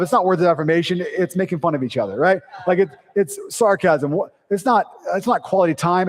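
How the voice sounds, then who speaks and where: A man preaching a sermon in a church, in a conversational, punchy style with quick asides and sarcasm. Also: fairly high pitch, darkish tone, in a large hall. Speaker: pastor. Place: church sanctuary.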